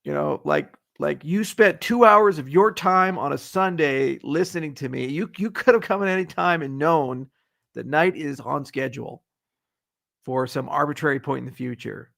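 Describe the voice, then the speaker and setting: A man's voice: a little high, lively intonation, normal speed, creaky, fairly bright tone. A middle-aged man hosting a casual livestream Q&A, answering viewer questions in a blunt, sarcastic and profane way. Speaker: host.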